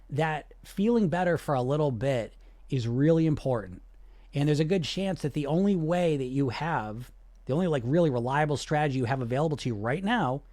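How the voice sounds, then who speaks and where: A man's voice: mid-range voice, a little mellow, dry recording. A man, coaching on weight loss and talking earnestly and persuasively, often checking in with the listener. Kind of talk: direct-to-camera coaching talk.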